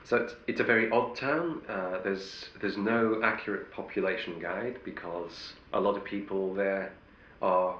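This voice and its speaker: Middle-aged man, actor telling stories, wry, lowish bright voice, echoey dull room sound. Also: unhurried, slight background noise. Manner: anecdotal, wry, restarts sentences. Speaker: actor interviewed. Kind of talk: interview storytelling.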